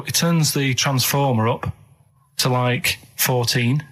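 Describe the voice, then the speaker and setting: A man spins out a long, wandering anecdote in a flat, deadpan manner on a radio show. His pitch sits in an everyday middle range. He is unhurried and plain. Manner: deadpan, meandering storytelling. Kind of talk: rambling anecdote. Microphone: studio microphone.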